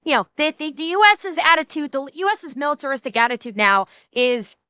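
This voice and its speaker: A woman streamer reacts live, talking in long, rambling runs full of swearing and blunt opinions. Her voice sits high and sounds bright and crisp, and the dry mic keeps her right up close. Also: animated, a little fast, hardly any pauses, no room sound. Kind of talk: casual live-stream commentary.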